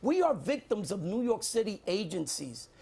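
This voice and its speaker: A man's voice: high-pitched, sing-song, normal speed, gravelly, mellow, husky. A middle-aged man answering in a televised debate as a candidate, defensive and insistent, repeating his points.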